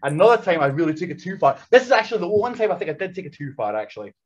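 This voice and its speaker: A man telling animated stories in casual chat, slipping into voices for the people in them. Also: sits high, very fast. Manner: animated, acts out voices in anecdotes. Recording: dull lo-fi recording.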